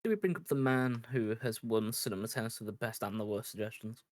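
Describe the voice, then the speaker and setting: A man's voice: fairly low pitch, quick pace, no room sound. A man runs a community Q&A in a loose, hesitant way, full of fillers. The recording is dry, with no room sound. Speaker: meeting host. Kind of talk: casual livestream hosting.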